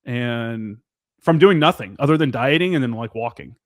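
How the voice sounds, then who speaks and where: A man's voice: medium pitch, animated, moderate pace, no echo, clean studio sound. A man who served as a Marine forward observer, talking candidly as a podcast guest and swearing freely. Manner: candid, profane, peppered with "dude" and "man". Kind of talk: casual podcast chat.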